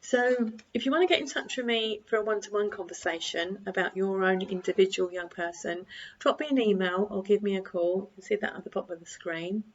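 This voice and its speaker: An older woman, a parenting coach, giving calm advice to camera and acting out bits of dialogue. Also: medium pitch, brisk. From United Kingdom. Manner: calm, repetitive, acts out quoted dialogue. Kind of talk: direct-to-camera advice talk. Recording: slightly dull lo-fi recording.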